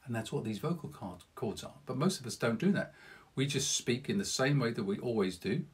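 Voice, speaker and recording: As a public speaking coach, a man delivers an earnest, encouraging podcast lesson, addressing the listener directly and adding self-deprecating asides. His medium-pitched voice is animated, brisk and slightly rough.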